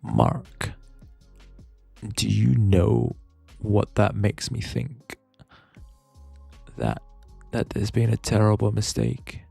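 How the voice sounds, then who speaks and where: A man's voice: lowish voice, steady tone, slow, vocal fry, pauses often, dark tone, husky, no room sound, faint music behind, pitched above the performer's own voice, exaggerated voice. A man whispering as a scared stammering schoolboy, whispered role-play. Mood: pleading. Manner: stammering, pleading. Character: frightened schoolboy protesting his innocence.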